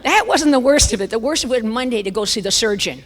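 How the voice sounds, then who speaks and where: Lively older lady telling funny stories at a church conference, big echoey hall. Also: on the high side, fast talker. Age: 70s. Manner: lively, self-mocking, chuckling storyteller. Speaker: conference speaker. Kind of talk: humorous storytelling talk. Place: church sanctuary.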